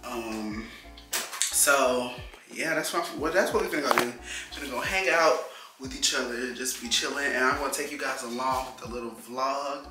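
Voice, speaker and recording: A young man chatting casually to camera in a slangy, loose vlog manner, jumping up in pitch now and then. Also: normal speed. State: out of breath. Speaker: vlogger. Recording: roomy sound with loud music underneath.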